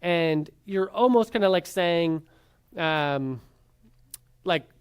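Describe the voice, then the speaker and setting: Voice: medium pitch, lively intonation, slow pace, clean tone. A Bible class teacher giving an informal lecture, talking casually with many fillers and tag questions, and putting rhetorical questions to the class before answering them.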